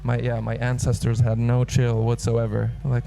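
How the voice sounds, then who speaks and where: A man's voice: mid-range voice, completely flat delivery, moderate pace, gravelly, faint music behind, rough recording. A young man emceeing a live comedy show, joking playfully and hyping up the crowd before he introduces the acts. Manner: playful, hypes the crowd, loud and rising when introducing acts. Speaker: master of ceremonies. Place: live comedy venue with audience.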